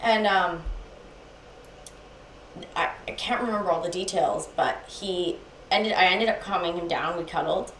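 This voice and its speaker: Give me a young woman with a lowish voice, co-hosting a podcast and telling a story in casual chat. She acts out the other people's lines with animation. The room is echoey, with a faint hiss behind her. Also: measured pace, pauses often. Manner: animated, acts out quoted speech. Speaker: podcast co-host.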